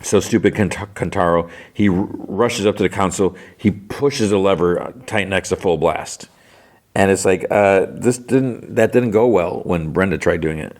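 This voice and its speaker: Speaking at normal speed in a low, darkish voice, a man hosting a podcast sums up an episode in a casual, meandering way. Fillers like "like" and "you know" keep cropping up throughout.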